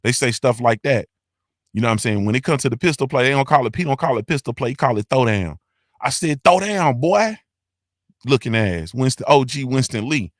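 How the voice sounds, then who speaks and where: A male host doing casual livestream shout-outs in a loud, hyped, sing-song roll call full of slang. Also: mid-range voice, no echo, studio quality.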